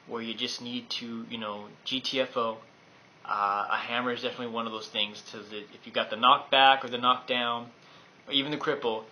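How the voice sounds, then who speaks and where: A man's voice: mid-range voice, bright, forceful tone, rough recording. A man giving a casual, enthusiastic gameplay overview, rambling with many fillers. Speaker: game guide presenter.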